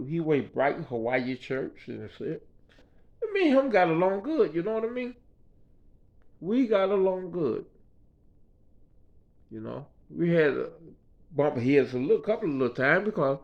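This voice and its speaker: A man's voice: fairly high pitch, creaky. Rambling man telling a hospital story. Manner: rambling, conversational, frequent "you know what I mean". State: hospital patient. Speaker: vlogger telling a personal story. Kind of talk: casual storytelling. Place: hospital room. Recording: dull lo-fi sound.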